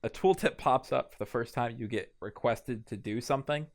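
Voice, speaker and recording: A man's voice: medium pitch, normal speed. A man co-hosting a gaming podcast in casual chat, hesitant and chuckling as he explains. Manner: hesitant, lots of fillers, chuckles mid-sentence. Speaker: podcast co-host.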